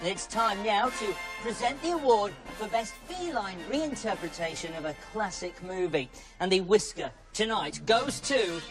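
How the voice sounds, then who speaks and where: A woman reading a wry, scripted comedy voice-over. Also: mid-range voice. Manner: wry, lively. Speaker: narrator. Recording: voice-over with music behind.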